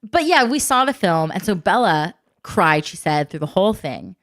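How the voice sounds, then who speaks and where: A woman's voice: lowish voice, moderate pace. A middle-aged woman co-hosting a casual podcast, telling family stories and laughing often. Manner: laughs often, animated storytelling. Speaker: podcast co-host. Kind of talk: casual chat.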